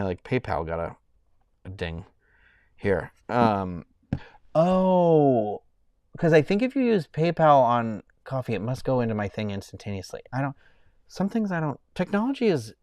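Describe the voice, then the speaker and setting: A man's voice: medium pitch, sing-song, a little slow, dry recording. A man in his thirties chatting casually on a live stream, rambling and often breaking off mid-sentence as he thanks viewers. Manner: rambling, self-interrupting, thanking donors warmly.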